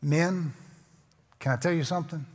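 A man's voice: fairly high pitch, moderate pace, darkish tone. A man preaching a sermon as a pastor, in a conversational, joking, self-deprecating way. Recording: long hall reverb.

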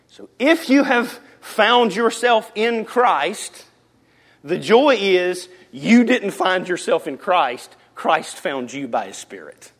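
A male pastor delivers a sermon in a church. His voice sits high and leaps all over its range. He swings between loud, emphatic lines and near-whispered ones. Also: big pitch swings, slow. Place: church sanctuary.

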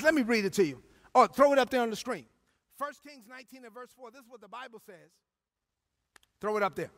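High-voiced preacher shouting in a hall. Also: male voice, creaky. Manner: animated storytelling, often shouting. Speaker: pastor. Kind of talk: sermon.

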